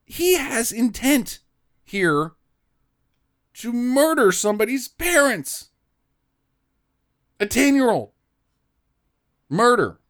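A man's voice: slow, long pauses. A man co-hosting a comedy podcast, recapping a movie scene by scene and acting out the characters in silly voices. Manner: animated, swings pitch wildly, acts out scenes in silly voices. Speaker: podcast co-host.

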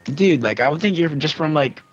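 A man's voice: a little high, expressive, brisk, lo-fi sound, loud music behind the voice. A man co-hosting a podcast in easygoing casual chat, talking in a laid-back way. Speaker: podcast co-host.

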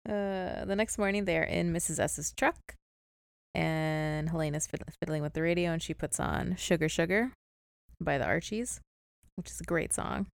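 Young woman recapping a show, giggly and chatty, low creaky voice, dry close sound. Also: normal speed, no room sound. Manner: giggly, chatty, laughs often. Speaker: podcast co-host. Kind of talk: casual chat recapping a TV episode.

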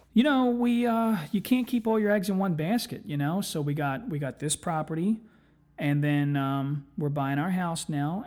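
A man's voice: a little high, a little mellow. A man hosting a solo podcast, telling rambling, profane, self-mocking stories. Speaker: podcast host. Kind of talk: casual solo storytelling.

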